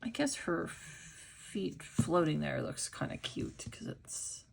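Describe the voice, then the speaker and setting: A woman's voice: low voice, big pitch swings, takes it slowly, gravelly, a little hiss or hum. A middle-aged woman with the hiccups, casually narrating her papercraft work, thinking aloud and often dropping to a whisper. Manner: chatty, thinking aloud while working; drops to soft whispers as she works. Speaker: papercraft video maker.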